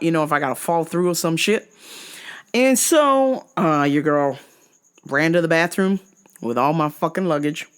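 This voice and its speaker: A woman from New Jersey telling a story in a casual vlog, animated and profane. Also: low-pitched, clear, resonant tone. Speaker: vlogger.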